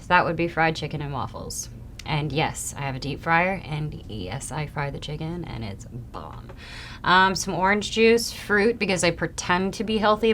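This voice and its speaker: A young adult woman answering fan questions in a casual, chatty way, often trailing off softly. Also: low voice, a little hiss or hum. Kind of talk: casual Q&A chat.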